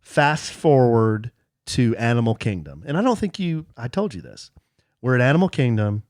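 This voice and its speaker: A middle-aged man co-hosting a casual podcast, telling rambling stories with a lot of self-mockery. His pitch moves around lively. He is recorded in a dry, close setting with no room sound. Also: normal speed, no room sound. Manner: rambling, self-mocking, with restarts. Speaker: podcast co-host. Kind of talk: casual storytelling chat.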